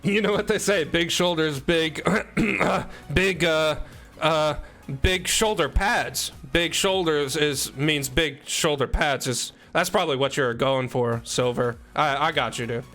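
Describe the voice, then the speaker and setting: Bright-voiced young male streamer, joking. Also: on the high side, unhurried, faint music behind. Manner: joking, teasing chat, rambling asides. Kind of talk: casual live-stream chat. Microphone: desk microphone.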